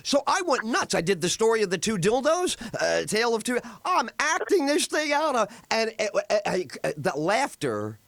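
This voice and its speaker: A high-voiced man hosting a radio talk show, his pitch leaping all over the place as he tells animated stories. He sounds close and dry in the studio. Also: normal speed, creaky, few pauses, no echo. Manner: animated, storytelling with acted-out voices. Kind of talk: excitable radio chat.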